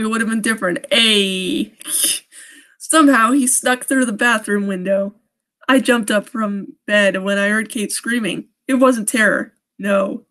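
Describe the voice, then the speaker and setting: A woman's voice: medium pitch, a bit bright. A young woman reading a creepy story on a live stream, often breaking off to laugh and make sarcastic jokes about the writing.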